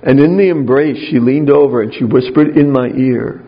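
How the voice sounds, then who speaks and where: Gravelly, husky man giving a spiritual talk. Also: mid-range voice, normal speed. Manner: conversational, anecdotal, wry. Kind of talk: spiritual talk with personal storytelling. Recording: dull lo-fi recording.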